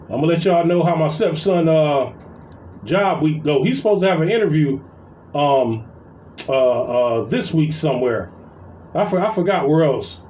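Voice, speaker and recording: A man vents to his viewers in a casual, animated way, swearing freely as he tells a story. His voice sits high and swings widely in pitch. The mic is some way off, so he sounds roomy, with a faint hum of background noise. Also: normal speed, far from the mic. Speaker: vlogger. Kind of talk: casual venting monologue. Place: at his workplace, indoors.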